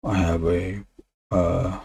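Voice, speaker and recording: A man streaming live while drawing comics, talking low and half-whispered into a desk microphone, musing with pauses. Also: little pitch movement, creaky, mellow.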